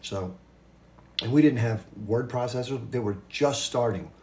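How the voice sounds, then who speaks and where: A man in his fifties hosting a livestream and chatting casually with viewers, talking fast with restarts and quick asides. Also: medium pitch, darkish tone. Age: 50s. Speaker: livestream host.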